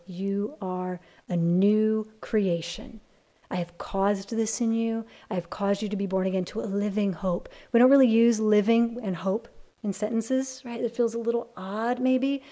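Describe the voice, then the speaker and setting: A woman leads a Bible study for a group of women. Her voice is mellow and warm, set at a middle pitch. She talks earnestly, sometimes hushed and sometimes rising to strong emphasis. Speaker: Bible teacher.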